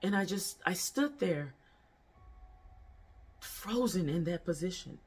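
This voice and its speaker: An actor performing a dramatic monologue as a distraught person haunted by a partner's leap, speaking in halting phrases broken by heavy sighs. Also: medium pitch, lively intonation, breathy edge. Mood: shaken, numb. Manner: halting, breaks off mid-sentence, heavy sighs.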